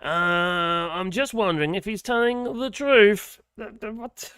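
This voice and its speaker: A man's voice: high-pitched, a little slow, fairly bright tone, smooth, no echo, studio quality. A man hosting a casual livestream, rambling and sardonic, with wry laughs. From England. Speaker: livestream host.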